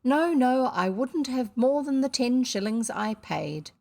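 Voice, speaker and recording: A woman voicing a stout, bad-tempered Victorian lady who later turns kindly, with a shrill scolding manner. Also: lively intonation, unhurried, vocal fry, a little mellow, full character voice. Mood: gushing. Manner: shrill scolding, then gushing sweetness.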